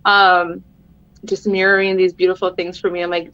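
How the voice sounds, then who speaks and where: A woman's voice: on the low side, flat delivery, normal speed, a bit bright, clear, resonant tone, no echo, dull audio. A middle-aged woman, a podcast guest, talking earnestly and encouragingly in casual conversation, laughing often.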